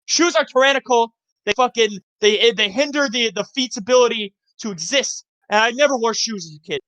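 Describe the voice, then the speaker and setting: A young man in his twenties, co-hosting a casual podcast, rambling through profane childhood stories with animated yelps and laughter. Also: very high-pitched, a little fast, no room sound. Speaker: podcast co-host. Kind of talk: casual chat, storytelling.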